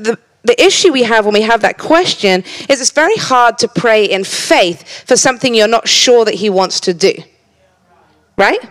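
A woman preaching a sermon in a church, earnest, often repeating words as she starts a thought and teasing the congregation now and then. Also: mid-range voice.

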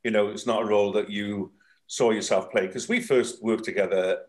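A man's voice: lowish voice, fairly even intonation, normal speed. A man co-hosting an interview, praising his guest in long flowing sentences. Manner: warm and complimentary, talks in long flowing run-on sentences. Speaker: co-host, interviewer. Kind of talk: casual interview chat.

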